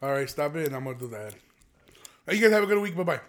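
A man's voice: a little high, big pitch swings, quick pace. A man hosting a casual podcast, trading crude roast jokes and laughing often. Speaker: podcast host.

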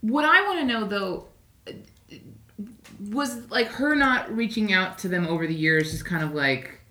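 Lively woman asking questions off-mic. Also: medium pitch, unhurried, recorded from a distance. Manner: reactive, asks follow-up questions. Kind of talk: casual chat. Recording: echoey room, off-mic.

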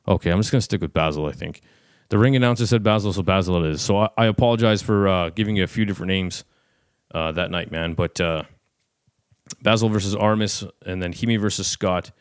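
A man hosting a fight podcast, chatting casually, rambling and excitable, full of restarts and fillers. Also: lowish voice, no echo, studio quality. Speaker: podcast host and fight commentator.

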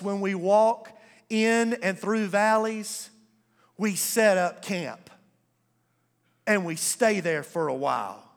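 A man's voice: sits high, long reverb tail. A male pastor preaching a sermon, calling for responses from the congregation and drawing out words for emphasis. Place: church sanctuary.

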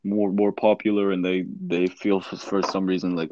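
A teenage student in casual chat who talks bluntly and profanely, stumbling through restarts. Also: male voice, low voice, little pitch movement, normal speed, few pauses, a little mellow. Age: teens. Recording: slightly dull lo-fi sound.

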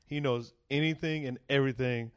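A man's voice: medium pitch, fairly even intonation, brisk, clear, resonant tone. A man who is a comedian guest on a podcast, telling a rambling, profane story and acting out what people said. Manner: profane, rambling, acts out quoted voices.

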